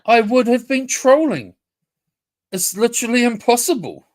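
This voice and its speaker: A man's voice: very high-pitched, animated, normal speed. A man ranting confrontationally on a casual livestream, swearing and repeating himself. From New Zealand.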